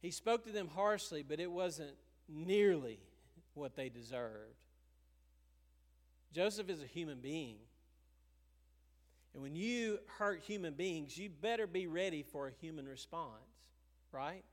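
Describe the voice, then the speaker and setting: The pastor's voice is notably high, and his sermon unfolds unhurriedly with lively intonation and frequent pauses, punctuated by chuckles. Occasionally he acts out a brief quote, and a long reverb tail from the church sanctuary trails each phrase.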